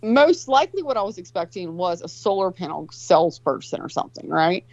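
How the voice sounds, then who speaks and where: A woman's voice: fairly low pitch, big pitch swings, a little fast, darkish tone, no echo, muffled recording. A woman in her forties telling a long, profane, rambling story in casual chat.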